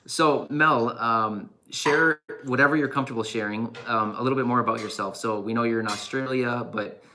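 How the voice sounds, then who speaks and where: A man's voice: mid-range voice, moderate pace, noisy background. Easygoing man hosting a live stream. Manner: easygoing, laughs often. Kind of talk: casual chat.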